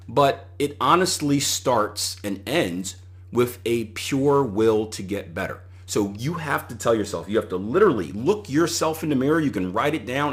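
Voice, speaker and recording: A middle-aged man hosting a solo podcast, giving conversational coaching advice and retelling anecdotes with animation. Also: mid-range voice. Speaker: podcast host and trading coach.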